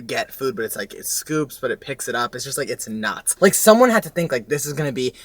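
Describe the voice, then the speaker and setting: A young man co-hosting a casual chat, telling stories with lots of swearing and loud, exasperated outbursts. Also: medium pitch, fairly quick, no echo. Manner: animated storyteller, swears a lot, swings into loud exasperated rants. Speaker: podcast co-host.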